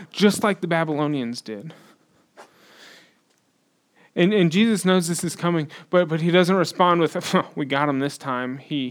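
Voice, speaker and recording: Conversational male preacher, slightly high voice. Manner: conversational, rises to loud emphatic peaks. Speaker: pastor. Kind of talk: sermon.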